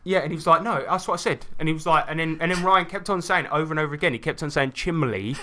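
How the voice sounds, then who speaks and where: A man's voice: fairly high pitch, rapid-fire, slight background noise. A man co-hosting a podcast, chatting casually and telling stories with swearing and laughter. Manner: animated storytelling with swearing and laughs. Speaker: podcast co-host. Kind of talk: casual chat.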